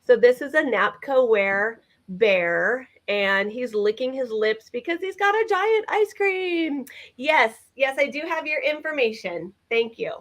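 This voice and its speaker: A woman's voice: a little high, expressive, unhurried, few pauses, fairly bright tone. A woman co-hosting a live vintage sale, chatting enthusiastically as she describes items. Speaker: vintage seller co-host.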